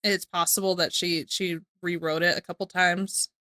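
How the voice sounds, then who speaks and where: A woman talks through her reactions in a loose, rambling way, often stopping to correct herself. Her voice is bright and forward. The sound is dry, with no room echo. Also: fairly low pitch, level tone, normal speed. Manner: rambling, self-correcting, reads messages aloud. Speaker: reaction commentator. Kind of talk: casual reaction commentary.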